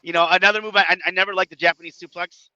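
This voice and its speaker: A man telling animated stories in a casual podcast chat, acting out quotes and laughing often. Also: high voice, rapid-fire, dull audio. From Chicago area. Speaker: guest wrestler.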